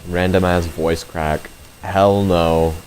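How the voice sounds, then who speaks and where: A man streaming live gameplay, talking to his chat and reacting loudly to the game with frequent swearing. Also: sits low, level tone, slow pace, slight background noise.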